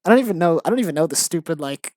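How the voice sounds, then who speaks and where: A woman's voice: low-pitched, animated, rapid-fire, dark tone, dry recording. A dead-tired woman chatting casually late at night, giggly and self-mocking. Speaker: vlogger.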